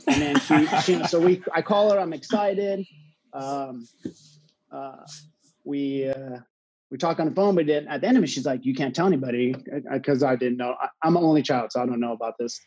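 Over poor audio, a man in his thirties speaks in a higher-than-average voice, recounting something personal to a live audience. He coaches water polo at a college, and his halting, filler-heavy telling, with plenty of restarts, picks up energy along the way.

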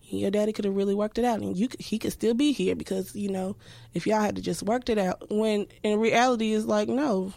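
A woman's voice: medium pitch, fairly even intonation, a little fast, vocal fry, dark tone, dry recording. A woman in her thirties speaking candidly and reflectively as a podcast guest, full of restarts and filler words. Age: 30s.

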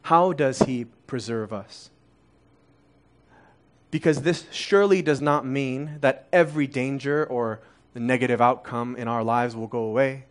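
A man's voice: medium pitch, a little slow. A man in his thirties, originally from Korea, preaching a conversational sermon full of rhetorical questions. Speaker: pastor.

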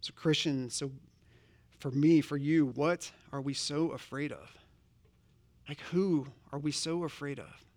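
A man's voice: a little high, measured pace, a little mellow, no echo. A man preaching a sermon, earnest and conversational, posing direct questions to his congregation. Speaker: pastor.

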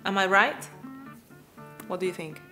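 Lively woman co-hosting a language lesson. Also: on the low side, unhurried, soft background music. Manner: lively, asks questions and translates. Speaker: co-host. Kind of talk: casual bilingual lesson chat.

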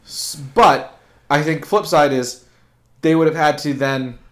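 A man's voice: on the high side, a little slow. A man co-hosting a casual podcast conversation. He is blunt and opinionated and swears offhandedly. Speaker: podcast co-host. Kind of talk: casual chat.

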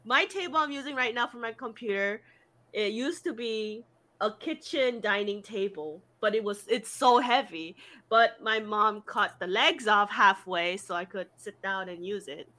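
A young woman tells a story casually at a moderate pace, animated and swearing, with "like" everywhere. She laughs often and leaps high in pitch when quoting other people's voices.

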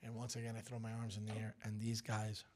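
A man's voice: fairly low pitch, fast. A man in his forties, a radio show co-host, telling a story in casual chat and acting out the lines of the people in it. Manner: animated storyteller, acts out quotes loudly.

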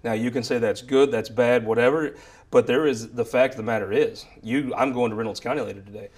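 Fast-talking male political show host. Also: medium pitch, fairly even intonation, darkish tone. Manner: brisk, joking, rambling. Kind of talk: political panel talk.

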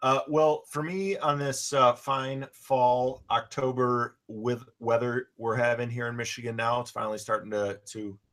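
A man co-hosting a casual podcast, with an average-pitched voice. He rambles along in a relaxed way and leans on fillers between thoughts. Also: unhurried, hardly any pauses. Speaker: podcast co-host. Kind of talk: casual chat. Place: Michigan.

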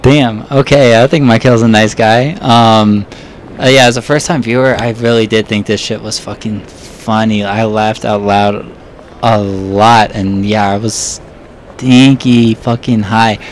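A man with a low voice talks about a film in a relaxed way. He swears freely and keeps it loose. This is an easygoing chat among friends. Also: measured pace, slight background noise. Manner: laid-back, swears often. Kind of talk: casual movie review chat.

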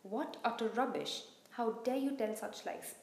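A woman's voice: fairly high pitch, expressive, a little slow, vocal fry. A woman voicing a strict older female professor who scolds sharply, in a roomy-sounding recording. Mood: stern. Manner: stern, scolding. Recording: roomy echo.

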